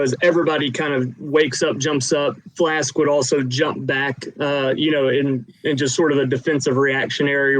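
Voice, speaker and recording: A man's voice: a little high, dry recording, rough recording. Rambling man narrating as game master. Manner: rambling, with many fillers and restarts.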